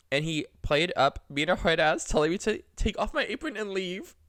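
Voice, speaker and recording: A young man with a smooth, resonant voice chats on a podcast, reading posts aloud and acting out the quoted voices. He laughs easily and tells stories with animation. The sound is close and dry, with no room behind him. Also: high-pitched, very animated, normal speed, few pauses, fairly bright tone, no echo. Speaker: podcast co-host.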